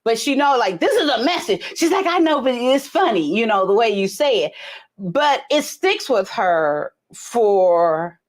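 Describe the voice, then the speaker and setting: A middle-aged woman hosting a casual live chat, telling profane stories and acting out the dialogue. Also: a little slow. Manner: animated, profane, acts out dialogue in high voices. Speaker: host.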